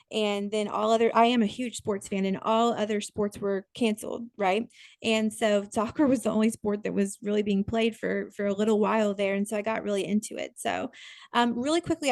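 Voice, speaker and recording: A woman co-hosting a podcast in easy, casual chat. She talks in a chatty, rambling way, breaking off and restarting her sentences. Her voice is recorded dry and close on a podcast mic, at a middle pitch. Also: no room sound. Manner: chatty, self-interrupting, lots of fillers. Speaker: podcast co-host. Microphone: podcast microphone.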